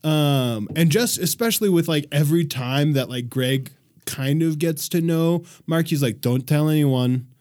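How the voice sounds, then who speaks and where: A man's voice: on the high side, unhurried, a little mellow. A young man co-hosting a podcast, talking casually and hesitantly with fillers. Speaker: podcast co-host.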